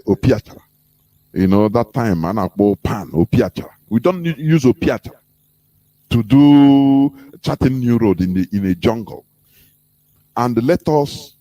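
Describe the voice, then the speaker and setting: A man's voice: mid-range voice, dark tone, no room sound. A man with a Nigerian English accent giving an impassioned political talk as a radio host, full of rhetorical questions. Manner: preaching, rhetorical questions, acts out quoted voices.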